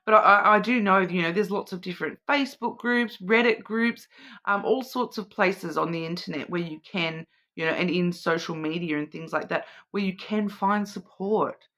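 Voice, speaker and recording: Bright-voiced woman reading oracle cards. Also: fairly low pitch, normal speed. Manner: rambling, hesitant, repeats and restarts words. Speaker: tarot and oracle card reader. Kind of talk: casual intuitive card reading.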